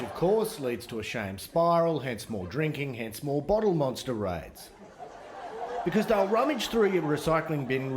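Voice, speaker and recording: A man's voice: mid-range voice, roomy sound, background noise. An Australian man performing a stand-up comedy routine with dry, sardonic storytelling.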